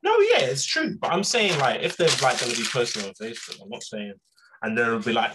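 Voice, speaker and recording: Give me a young man telling a story in lively slang on a casual podcast. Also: mid-range voice, fairly quick, background noise. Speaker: podcast co-host. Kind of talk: casual chat.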